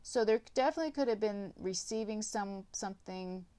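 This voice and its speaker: A woman's voice: medium pitch, fairly quick, dark tone. A woman giving a casual tarot reading, rambling with lots of filler words and some blunt swearing. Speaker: tarot reader.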